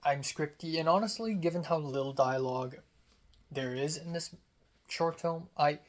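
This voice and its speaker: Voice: medium pitch, normal speed. A young adult from Hong Kong who works as a script supervisor, talking casually and candidly and filling the talk with "like" and "um". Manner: chatty and candid, heavy use of "like" and "um". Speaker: script supervisor on a student film set. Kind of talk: casual storytelling vlog.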